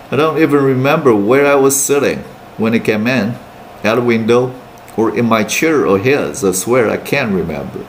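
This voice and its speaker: A man teaching English, reading a novel aloud in steady plain narration with brief Mandarin asides. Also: mid-range voice, a little hiss or hum.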